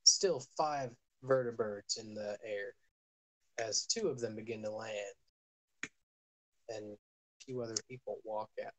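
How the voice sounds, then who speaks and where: A man's voice: fairly low pitch, unhurried, long pauses, rough recording. A man running a tabletop game as game master, narrating scenes with dramatic storytelling.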